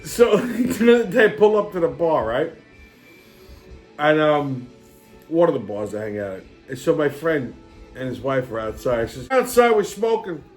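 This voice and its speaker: A middle-aged host spins a rambling, foul-mouthed story and breaks into laughter often. His voice sits high for a man. Faint music plays underneath. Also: very animated, unhurried. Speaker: podcast host. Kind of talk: casual storytelling monologue.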